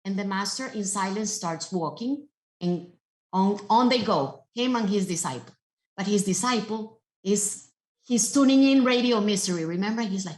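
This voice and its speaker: A woman motivational speaker giving a keynote talk with animated, emphatic storytelling. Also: medium pitch, moderate pace, roomy sound.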